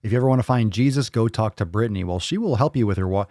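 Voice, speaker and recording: A man with a fairly low voice hosts a casual live stream and chats with his viewers. He jokes loosely and swears freely as he reads their comments. His voice sounds dry and close, with little room sound. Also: fast, dark tone, no room sound. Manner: loose, profane and joking, reading chat aloud.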